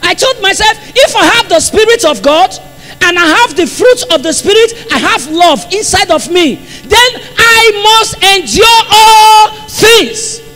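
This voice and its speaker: High, bright-voiced Nigerian preacher. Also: male voice, expressive, normal speed, faint music behind. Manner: impassioned, repeats phrases for emphasis. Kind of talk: sermon. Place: church. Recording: long hall reverb.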